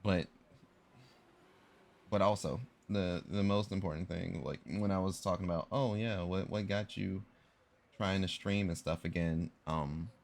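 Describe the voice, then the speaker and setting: A man's voice: low voice, measured pace, vocal fry, a little mellow. A young man chatting casually on a live stream, rambling and correcting himself as he tells a story in slangy talk.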